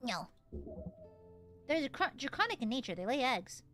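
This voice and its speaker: A woman voicing a gruff, cold male kobold who talks in short, broken deadpan phrases. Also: high-pitched, moderate pace, soft background music. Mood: curt. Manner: clipped broken speech, deadpan.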